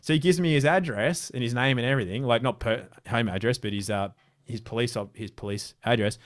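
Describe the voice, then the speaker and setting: A man's voice: mid-range voice, fairly quick. An Australian man, an interview guest, telling casual stories in a rambling way with many restarts. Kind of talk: casual storytelling.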